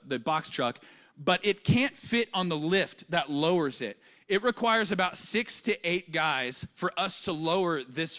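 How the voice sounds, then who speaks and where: A male pastor, preaching a sermon with animated storytelling and big swings in pitch and loudness. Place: church auditorium.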